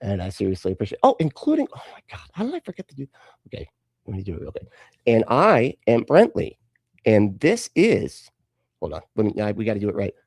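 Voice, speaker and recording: A man hosts a live stream and mocks the clips he plays. His swearing commentary swings widely in pitch. The sound is dry and close, with no room around it. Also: wildly swooping pitch, rapid-fire, warm tone, breathy edge, no echo. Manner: sarcastic and profane, talks back at clips. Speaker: host of a live reaction stream.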